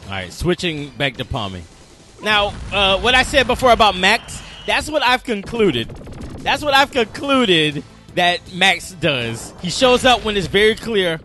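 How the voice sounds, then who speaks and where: A man's voice: high-pitched, very animated, a little slow, sharp tone, soft background music. A man doing game commentary, rambling through explanations and swearing at the enemies on screen. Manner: swears and scolds the game's enemies; rambling, self-repeating explanations. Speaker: let's play host.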